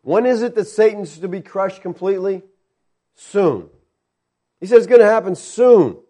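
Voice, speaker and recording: A man's voice: high voice, animated, moderate pace, warm tone. A man preaching a sermon, emphatic, often putting questions to his listeners.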